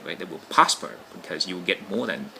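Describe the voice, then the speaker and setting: A man's voice: sits low, animated, brisk, gravelly, pushed and bright, a little hiss or hum, low-quality recording. A man talking casually to camera in a rambling monologue, often checking in with "right?". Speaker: vlogger.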